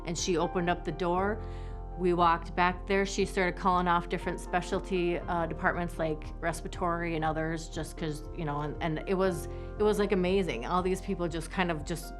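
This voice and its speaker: A woman tells her family's story in a low, dark-toned voice. She speaks haltingly, restarting her sentences as she relives the moments. Soft music plays faintly behind her. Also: steady tone. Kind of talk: personal testimony interview.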